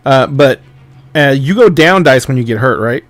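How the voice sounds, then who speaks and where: A man's voice: mid-range voice, expressive, moderate pace, dry recording. A man running a tabletop game as game master, narrating the action in a loose, rambling way with restarts.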